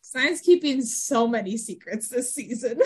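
Animated woman recapping a TV episode. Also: fairly high pitch, measured pace, husky. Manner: animated, acts out lines from scenes. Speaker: podcast co-host. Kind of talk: casual chat recapping a TV episode.

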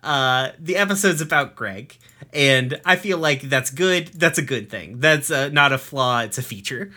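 A man with a very bright, forward voice talks through a cartoon episode on his podcast. He recaps in a loose, joking way, dropping swear words as he goes. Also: mid-range voice, lively intonation. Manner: swearing, jokey recap with quick acted quotes. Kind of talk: casual chat.

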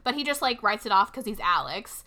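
A woman's voice: medium pitch, sing-song, a little fast, sharp tone. A young woman co-hosting a podcast, recapping a movie in casual chat and saying "like" constantly. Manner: chatty, heavy use of filler "like". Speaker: podcast co-host.

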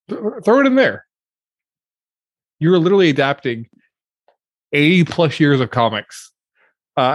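A man co-hosting a podcast over a video call, delivering his jokes deadpan. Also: medium pitch, no echo. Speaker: podcast co-host. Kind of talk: casual chat.

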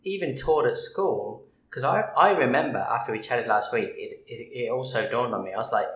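A man's voice: mid-range voice, moderate pace, a bit bright, roomy sound, rough recording. A man co-hosting a casual podcast chat, explaining emphatically. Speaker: podcast co-host.

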